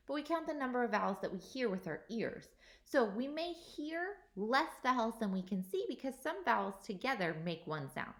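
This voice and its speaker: A woman teacher giving a recorded workbook lesson to young children, slow and patient, sounding out each vowel. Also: on the high side, fairly bright tone.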